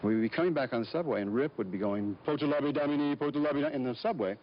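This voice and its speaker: A man from Georgia, a guest on an interview show, telling stories in a halting way with many fillers and restarts. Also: fairly low pitch, expressive. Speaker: guest actor. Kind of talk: casual interview storytelling. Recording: dull lo-fi recording, faint noise.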